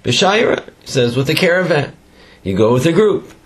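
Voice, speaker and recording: A man's voice: on the high side, normal speed. Man giving a Torah talk. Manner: mixes Hebrew and Yeshivish terms, lively rising emphasis. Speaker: Torah teacher.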